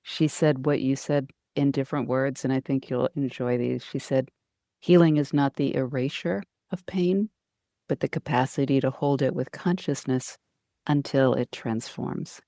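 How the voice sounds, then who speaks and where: A woman's voice: a bass voice, fairly even intonation, normal speed, warm tone, no room sound, clean studio sound. A woman co-hosting a podcast, reflective and affirming, quoting others to draw out lessons for listeners. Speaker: podcast co-host.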